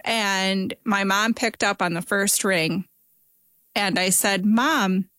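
A woman from Minnesota, a former student, retelling a memory in an interview in a casual, animated way. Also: mid-range voice, slow, smooth, dry recording. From Minnesota, USA. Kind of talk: interview recollection.

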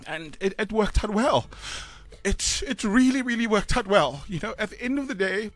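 A high-voiced South African man in his thirties talks on breakfast radio in a halting way, sighing often and close to tears. Soft music sits faintly beneath him. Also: lively intonation, dry recording. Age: 30s. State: choked up. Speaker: radio co-host. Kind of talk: emotional radio chat.

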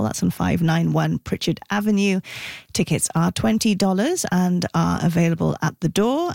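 A woman's voice: lowish voice, vocal fry, darkish tone, no echo. A woman hosting a radio show, chatty and upbeat, speaking from a studio microphone.

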